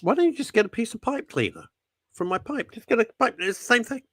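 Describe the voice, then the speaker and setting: A man's voice: very high voice, very animated, fast, pushed and bright, no echo. A man hosting a talk radio show, rambling and jokey as he talks through listener messages. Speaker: radio host. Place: radio studio.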